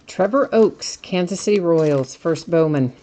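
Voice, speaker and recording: A woman's voice: fairly low pitch, animated, unhurried, mellow, a little hiss or hum. A woman hosting a live card break, chatting casually and reading out each card as she opens packs. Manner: chatty, laughs at herself, reads out card names. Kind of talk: casual live-stream commentary while opening cards.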